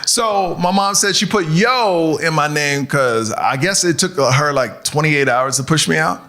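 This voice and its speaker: A male stand-up comedian doing crowd work in a club, animated and often laughing at his own jokes. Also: on the high side, unhurried. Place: comedy club stage with audience.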